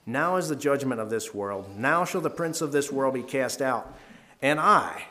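A man reads Bible passages aloud and works through them earnestly in a devotional talk, his tone sharp and his intonation lively at a moderate pace. Key verses get emphasis as his pitch and volume rise.

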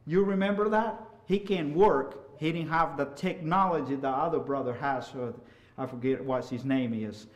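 Middle-aged male preacher, fairly high-pitched, impassioned, loud peaks and hushed asides. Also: normal speed. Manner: impassioned, rises to loud hollering and drops to soft asides. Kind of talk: sermon.

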